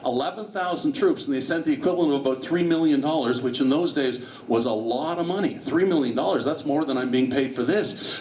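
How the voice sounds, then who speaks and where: A man's voice: medium pitch, brisk, few pauses, a little mellow. A man giving a public history talk as a guest author, storytelling with asides and digressions. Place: meeting hall. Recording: distant, roomy, dull hall recording.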